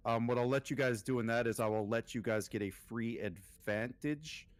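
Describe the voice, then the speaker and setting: A man running a tabletop role-playing game as game master, talking in a loose, relaxed way with many pauses and fillers. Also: mid-range voice, no echo. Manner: relaxed, lots of ums and filler.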